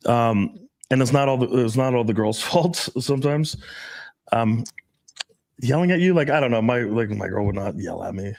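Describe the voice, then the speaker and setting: A man's voice: medium pitch, lively intonation, normal speed, vocal fry, darkish tone. Blunt, profane man on a podcast. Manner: profane, blunt, storytelling with laughs. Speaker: dating coach, podcast host. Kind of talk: casual podcast chat.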